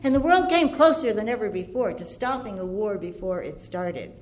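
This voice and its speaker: A woman giving an impassioned antiwar speech, earnest and deliberate, building her points through lists. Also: medium pitch, expressive. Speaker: antiwar activist speaker.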